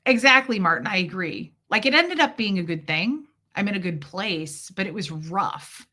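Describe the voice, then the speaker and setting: Bright-voiced woman chatting on a livestream. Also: mid-range voice, normal speed. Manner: candid, expressive storytelling with quoted voices. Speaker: livestream host. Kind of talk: casual chat with live viewers.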